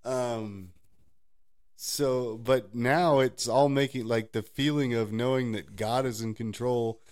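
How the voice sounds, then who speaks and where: A man's voice: mid-range voice, steady tone, slow, darkish tone. A man co-hosting a casual faith podcast, rambling through personal stories and laughing often. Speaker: podcast co-host.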